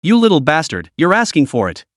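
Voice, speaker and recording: A man's voice: a little high, huge pitch swings, a little fast, dry recording, clean studio sound. A man voicing a pompous, hot-tempered middle-aged businessman in a story recap. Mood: blustering. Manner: blustering and indignant.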